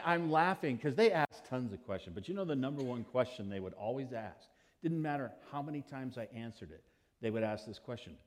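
A middle-aged man preaches a sermon from the pulpit as pastor. He tells stories in an easy, mid-pitched voice and acts out children's questions along the way. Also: fairly quick. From United States. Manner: storytelling with lively, acted-out quotes of children.

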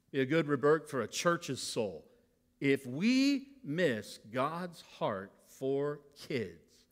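A middle-aged male pastor preaching a sermon to his church, moving between hushed confiding and loud bursts. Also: on the high side. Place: church sanctuary. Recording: long hall reverb.

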